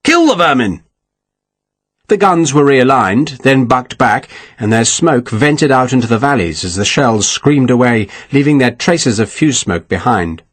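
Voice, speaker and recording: A man reading an audiobook in an expressive storytelling manner. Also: mid-range voice, a little slow, few pauses. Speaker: audiobook narrator. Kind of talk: scripted narration.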